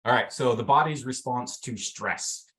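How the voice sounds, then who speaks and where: A man's voice: mid-range voice, moderate pace, a bit bright. A man coaching a group on a video call, talking casually with lots of fillers and acting out inner voices. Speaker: mental fitness coach. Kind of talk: teaching a workshop session on a video call.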